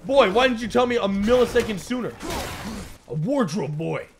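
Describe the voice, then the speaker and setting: A young man giving joking, excitable let's play commentary, talking back to the game characters. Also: high-pitched, moderate pace, faint music behind. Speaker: gaming YouTuber.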